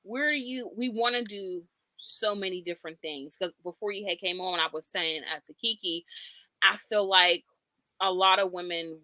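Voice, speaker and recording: A woman with a bright, sharp voice co-hosting a podcast in casual chat. She keeps dropping in "you know" as she talks, and the sound is close and dry. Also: mid-range voice, moderate pace, no room sound. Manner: chatty, peppers talk with "you know". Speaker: podcast co-host.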